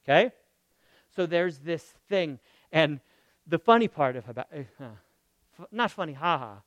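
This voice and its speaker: A man preaching a sermon. He speaks expressively, repeats phrases for emphasis, and swings from loud declarations to near whispers. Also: on the high side, lively intonation, measured pace, dry recording, muffled recording. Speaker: pastor.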